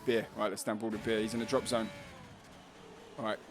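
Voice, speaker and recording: A man's voice: on the low side, level tone, a little fast, soft background music. A man with a Cockney accent giving casual, jokey live race commentary, laughing often.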